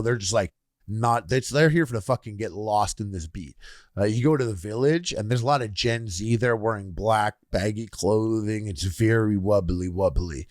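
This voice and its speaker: A man's voice: lowish voice, no room sound, clean studio sound. A man co-hosting a casual podcast, telling a long rambling story with lots of "like" and acting out the sounds and voices in it. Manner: rambling, animated storytelling full of "like"; acts out sounds and quoted voices while telling stories. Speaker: podcast co-host.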